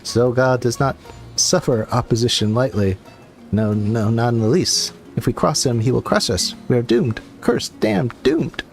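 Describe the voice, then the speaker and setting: A man's voice: mid-range voice, expressive, measured pace, vocal fry, faint music behind. A man voicing a timid, wailing male kobold who repeats his words in frantic strings of three. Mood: fearful.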